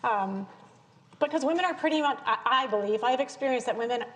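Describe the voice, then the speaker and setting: A woman's voice: fairly high pitch, a little fast. A woman from the American South interviewing a guest onstage in front of an audience, chatty and laughing easily. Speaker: interviewer, center director. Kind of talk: onstage conversation. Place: lecture hall with audience. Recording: long hall reverb, faint noise.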